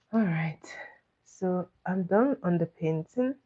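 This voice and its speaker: On a livestream, a female host with a lowish, mellow voice leads casual trivia, reading questions to her chat and saying each one twice while coaxing viewers along. Her audio is dull lo-fi.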